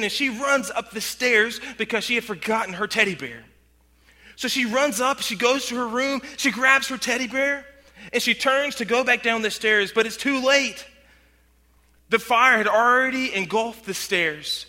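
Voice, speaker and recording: A man preaches a sermon in an earnest voice that sits high and rings very bright. He slows and drops to near-quiet for emphasis. The sound carries a long reverb from a large hall. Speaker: pastor.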